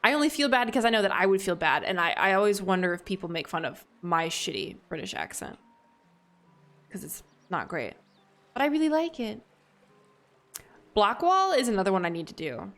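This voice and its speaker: A woman's voice: mid-range voice, very animated, a little fast, long pauses, fairly bright tone, faint music behind. Chatty Southern American woman streamer. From Southern United States. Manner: chatty, rambling, with restarts. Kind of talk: casual live-stream chat.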